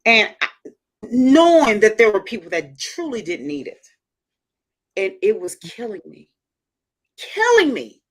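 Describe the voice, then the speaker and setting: A woman's voice: medium pitch, big pitch swings, a little slow, long pauses. A woman hosting a casual livestream chat, talking emphatically and repeating phrases for stress. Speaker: show host reading viewer comments.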